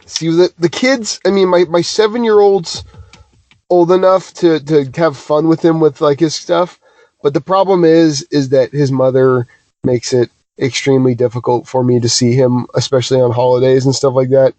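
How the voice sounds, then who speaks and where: A man's voice: on the high side, moderate pace, no echo. A man co-hosting a podcast, telling rambling, self-deprecating stories in casual chat. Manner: animated, self-deprecating, many restarts. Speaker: podcast co-host.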